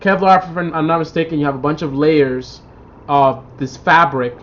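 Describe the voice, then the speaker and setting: High-voiced man chatting on a lo-fi livestream. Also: moderate pace, a little hiss or hum. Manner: rambling, animated storytelling, reads out viewer comments. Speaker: livestream host. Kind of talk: casual live-stream chat. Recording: dull lo-fi livestream audio.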